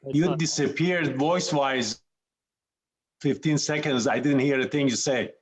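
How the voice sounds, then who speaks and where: A man's voice: mid-range voice, unhurried, husky. A man making brief, plain remarks as a participant on a video call.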